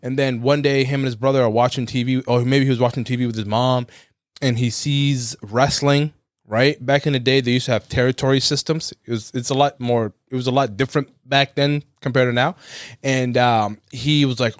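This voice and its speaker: Podcast dude rambling thru a story, cusses a lot, mid voice, dry studio sound. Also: male voice, mid-range voice, fairly even intonation, a little fast, no echo. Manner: rambling storyteller, swears freely, acts out quotes. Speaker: podcast co-host. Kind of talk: casual chat.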